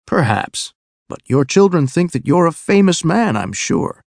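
A man voicing an older, short, gray-haired gentleman who speaks courteously and kindly. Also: fairly high pitch, very animated, unhurried, vocal fry, no room sound, voice pushed up, heavily acted. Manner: courteous, friendly.

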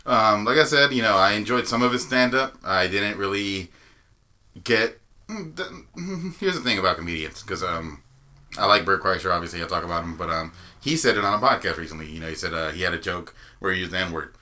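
A man's voice: deep voice, fairly quick, pushed and bright. A man co-hosting a casual podcast, telling stories in a rambling, hesitant way with lots of fillers. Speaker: podcast co-host. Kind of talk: casual chat, storytelling.

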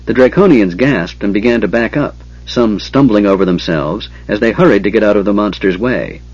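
Male fantasy audiobook narrator, measured, husky, lo-fi sound. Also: on the low side, a little mellow, no room sound. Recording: dull lo-fi audiobook recording.

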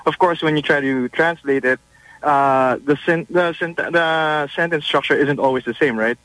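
Bright-voiced hesitant radio caller. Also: male voice, a little high, normal speed, no room sound, low-quality recording. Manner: hesitant, restarts often. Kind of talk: phone-in pitch of an idea.

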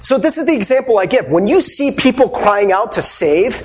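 A man's voice: high voice, big pitch swings, moderate pace, darkish tone, long reverb tail. A man preaching a sermon as pastor, earnest and conversational, asking the listeners rhetorical questions.

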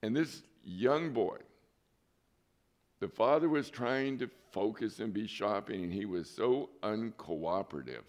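A man preaching a sermon as pastor. He tells a story in a relaxed, conversational way, with asides to his listeners. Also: lowish voice, unhurried. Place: church.

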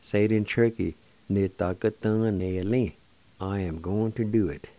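An older man teaching words of his language on a radio show, slowly spelling and pronouncing each syllable with patient encouragement. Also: on the low side, steady tone, dark tone, no room sound. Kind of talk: slow spelling and pronunciation lesson.

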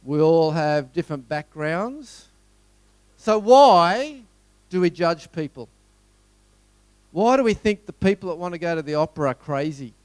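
A man's voice: fairly high pitch, normal speed, a little mellow, clean tone, no echo. A middle-aged man with an Australian accent, giving a conversational storytelling talk to a live audience, full of rhetorical questions. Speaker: motivational speaker.

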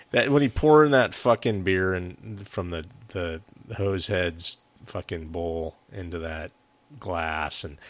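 A man with a very low, gravelly voice chats casually on a film review podcast. He rambles, restarts his sentences and swears freely. The sound is dry and close. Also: a bit bright, no room sound. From United States. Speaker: podcast co-host.

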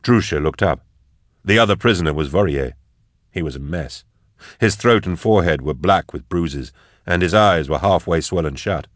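A man reads fiction aloud in a steady, measured way. His voice is very deep, recorded close and dry in a studio. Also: no room sound. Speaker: audiobook narrator. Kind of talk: scripted fiction narration.

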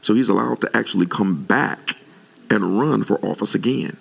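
The pastor's sermon comes at a normal speed, his voice low-leaning, rough-edged, and strongly gravelly. He preaches with animation to his congregation, pitch springing higher in his worked-up moments.

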